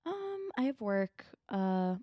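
A woman's voice: mid-range voice, very animated, takes it slowly, warm tone, no room sound. A young woman co-hosting a podcast, making dry, self-deprecating jokes in casual chat. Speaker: podcast co-host.

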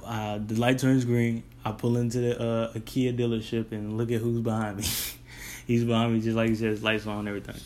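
A man's voice: medium pitch, brisk. Casual young man telling a story. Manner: rambling, restarts, relaxed colloquial. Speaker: delivery driver.

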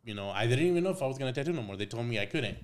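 Young man, podcast guest, relaxed storytelling, lots of swearing, acts out quotes. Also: medium pitch, rapid-fire. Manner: laid-back, swears a lot, acts out quotes. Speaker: podcast guest, tattoo artist. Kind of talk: casual storytelling chat.

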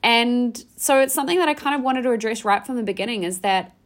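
A woman's voice: on the high side, fast. Hyped young woman podcaster. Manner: hyped, slangy, swears casually. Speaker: podcast host and mindset coach. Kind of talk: energetic podcast monologue.

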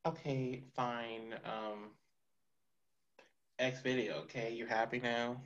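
A man's voice: medium pitch, level tone, takes it slowly, a bit bright, slight background noise. A teenage male podcast host talking casually, defensive and exasperated, rambling as he explains himself. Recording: dull lo-fi recording.

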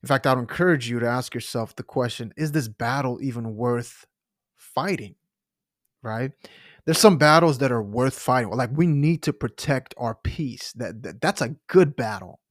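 An earnest man preaches in a podcast sermon and leans hard on his key points. His pace speeds up and slows down as he builds each idea. The sound is dry and close, with no room around it. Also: medium pitch, dry recording. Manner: earnest, emphatic, pace shifts. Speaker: pastor. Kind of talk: sermon-style podcast teaching.

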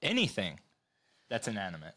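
A man's voice: lowish voice, wildly swooping pitch, fairly quick, pushed and bright. A man co-hosting a podcast, trading crude, profane, joking banter in casual chat. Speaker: podcast co-host.

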